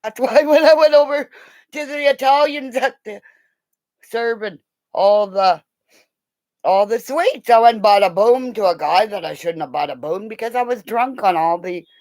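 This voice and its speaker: A woman telling a long, rambling story in a casual way. She laughs often and bursts into loud quoted lines. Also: fairly high pitch, normal speed, no room sound.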